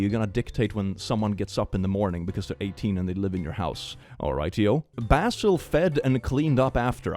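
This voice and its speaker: A man's voice: medium pitch, darkish tone. A man hosting comedic reaction commentary in a playful, sarcastic manner, laughing often. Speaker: host.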